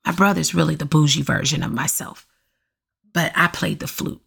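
A middle-aged woman hosting her own podcast, talking to listeners in a lively, preachy way and calling out to them often, with a voice that turns raspy at times. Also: deep voice, moderate pace. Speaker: podcast host. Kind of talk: casual solo podcast monologue. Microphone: USB condenser mic.

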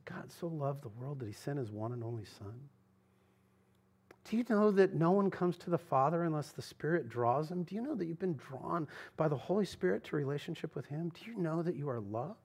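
Man preaching in a church, fairly high voice, casual and emphatic, rising loud then dropping quiet. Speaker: pastor. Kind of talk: sermon. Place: church sanctuary.

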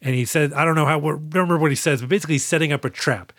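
Dude on a movie podcast recapping scenes, rambly and sweary, kinda high voice, dry close sound. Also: male voice, fairly bright tone, no room sound. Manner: rambling, profane, retells scenes with quick put-on quotes. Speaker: podcast co-host. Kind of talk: casual movie recap chat.

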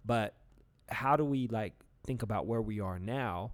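A man's voice: fairly low pitch, measured pace. A man in casual podcast talk, rambling with lots of restarts and fillers. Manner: burps mid-talk. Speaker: podcast co-host. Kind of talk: casual chat.

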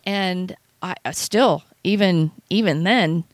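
A woman co-hosting a radio show, talking about the Bible in an earnest, halting way with many restarts. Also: lowish voice, no room sound. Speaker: radio co-host. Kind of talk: casual Bible talk.

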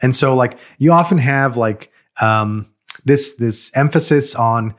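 Man talking quickly with lots of fillers. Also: mid-range voice. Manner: quick, filler-heavy speech with many "like"s. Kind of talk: casual chat.

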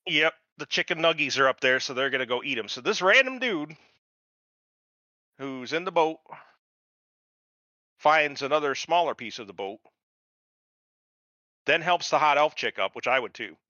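A man's voice: a little high, normal speed, pauses often, no echo, dull audio. A man co-hosting a podcast in casual chat, swearing and laughing as he rants. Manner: animated, profane, laughs while ranting. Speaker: podcast co-host.

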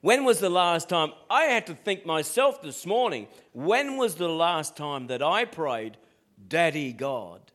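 A man's voice: high-pitched, big pitch swings, measured pace, few pauses, a bit bright. A middle-aged man preaching a sermon, asking his congregation rhetorical questions as he goes. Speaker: pastor.

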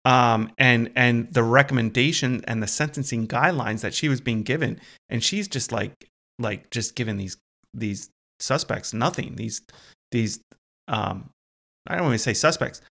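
Gravelly-voiced man asking questions. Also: medium pitch, normal speed, pushed and bright. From Pennsylvania, US. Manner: questioning, reacting with surprise. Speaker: co-host. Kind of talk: casual discussion.

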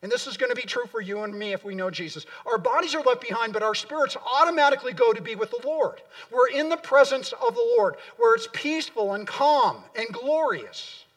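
A man's voice: extremely high pitch, fairly bright tone, recorded from a distance. A middle-aged man preaching a sermon in a church, earnest and emphatic, often repeating words for weight. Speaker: pastor. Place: church sanctuary.

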